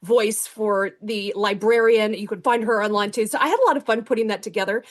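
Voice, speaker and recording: A woman's voice: medium pitch, fairly quick. A woman author who first reads her acknowledgments and then talks casually in an interview, with frequent fillers and restarts.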